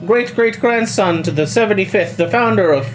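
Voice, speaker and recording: A man's voice: sits high, normal speed, over music, pitched above the performer's own voice, lightly acted, low-quality recording. A man voicing an ancient, lofty alien scholar who calls himself a doctor, speaking grandly. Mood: grandiose. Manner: grandiose, proclaiming.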